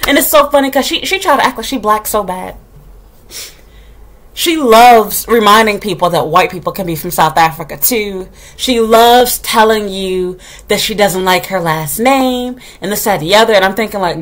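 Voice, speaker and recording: With a medium-pitched voice, lively intonation, and a moderate pace, a woman who teaches kindergarten vents to her viewers in casual chat. Her storytelling is blunt, sassy, and full of swearing, and she acts out the quoted dialogue.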